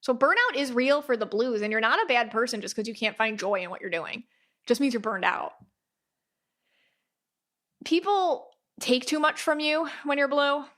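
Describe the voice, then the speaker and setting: Bright-voiced chatty woman podcaster. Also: sits high, moderate pace. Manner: chatty, animated, acts out little quoted voices. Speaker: podcast host, aura reader. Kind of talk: casual podcast talk.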